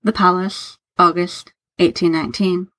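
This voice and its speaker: A woman narrating fiction aloud in an unhurried, even storytelling manner. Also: fairly low pitch.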